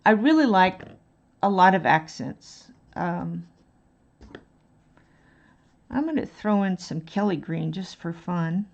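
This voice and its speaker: A woman's voice: lowish voice, expressive, slow pace, creaky, pauses often, muffled recording. A woman chatting casually on an art live stream, rambling and thinking aloud as she colors. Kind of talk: casual chat while coloring.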